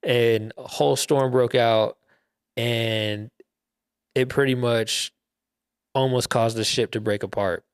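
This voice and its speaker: A man's voice: mid-range voice, steady tone, slow pace, long pauses, clear, resonant tone, no echo, studio quality. A young man hosting a podcast, casually retelling a Bible story in loose slang with laughs and fillers. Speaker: podcast host.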